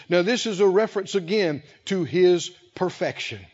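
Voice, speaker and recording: A male pastor preaching a sermon, speaking slowly and with emphasis, pausing to let the congregation fill in key words. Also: high voice, animated, darkish tone. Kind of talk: sermon with call-and-response. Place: church sanctuary. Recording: lo-fi with long hall reverb.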